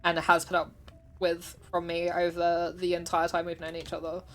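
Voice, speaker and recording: A woman's voice: lowish voice, completely flat delivery, moderate pace, soft background music. A woman streamer chatting casually while she plays, chatty and self-deprecating, laughing often. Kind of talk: casual livestream chat while gaming.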